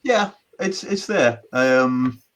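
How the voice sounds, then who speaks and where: A man's voice: mid-range voice, expressive, drawn-out words. A middle-aged man, a magician telling rambling stories in a casual interview chat. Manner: rambling storyteller with many restarts. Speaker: magician guest.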